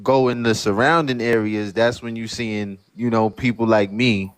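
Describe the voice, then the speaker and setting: A man's voice: lowish voice, fairly even intonation, normal speed, clean tone. A man from Brooklyn with a Brooklyn accent, calling in to a radio show and talking loosely with many fillers. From Brooklyn, New York. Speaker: caller. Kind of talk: casual phone-in chat.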